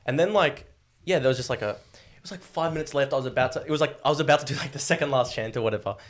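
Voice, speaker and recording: Racing along in a mid-range voice, a young Australian guest in his twenties recounts his story. It's rambling and informal, thick with filler words and swearing.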